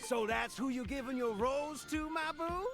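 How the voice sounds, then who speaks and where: An actor voicing a smooth-talking male TV set in a video game, flirting and speaking in rhymes. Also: very high voice, moderate pace, fairly bright tone, soft background music. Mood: flirty. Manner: rhyming, flirty, showy announcer patter.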